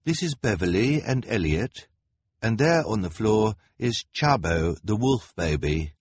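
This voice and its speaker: A man's voice: on the low side, very animated, measured pace, husky, no room sound, exaggerated voice. Man doing a blunt, matter-of-fact hunchback.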